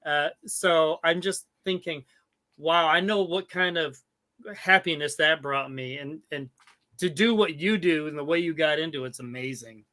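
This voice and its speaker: Man, podcast host, higher pitch, bright tense tone, eager fan chatter. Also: unhurried. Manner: eager, enthusiastic fan talk. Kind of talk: casual chat.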